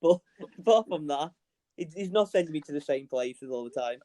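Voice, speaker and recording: A man's voice: a little high, lively intonation, fairly quick, dark tone, no room sound. A man who scouts football, chatting in a laid-back way and chuckling along with the others. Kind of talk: casual chat.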